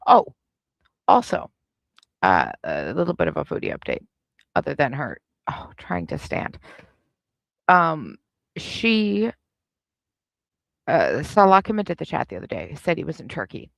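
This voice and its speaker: A woman's voice: low voice, huge pitch swings, normal speed, gravelly, long pauses, dry recording. A woman hosting a live reaction stream, giving sarcastic, snarky commentary.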